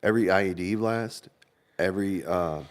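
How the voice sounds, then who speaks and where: A man's voice: sits low, normal speed. A man, an army veteran, telling war stories in a casual, laughing chat. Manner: laughing, animated storytelling.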